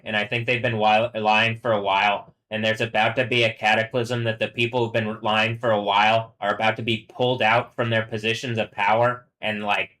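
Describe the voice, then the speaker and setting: A man's voice: fairly low pitch, sharp tone. A man on a live stream, rambling, swearing and restarting, who reads news aloud and stumbles over words. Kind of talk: casual live-stream monologue.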